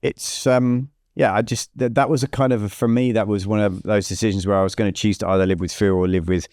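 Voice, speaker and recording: A man's voice: lowish voice, fast, no echo, clean studio sound. A middle-aged man, a business coach guesting on a podcast, tells stories with energy and acts out the dialogue as he goes, often restarting his sentences. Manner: animated storyteller who acts out quoted dialogue, frequent restarts. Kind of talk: conversational storytelling interview.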